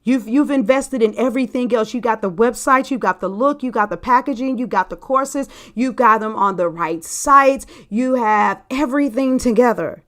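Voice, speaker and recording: A woman's voice: a little high, moderate pace, few pauses, fairly bright tone. Emphatic chatty woman podcaster. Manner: emphatic, chatty, talks straight to listeners. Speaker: podcast host and sales coach. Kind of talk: casual podcast monologue.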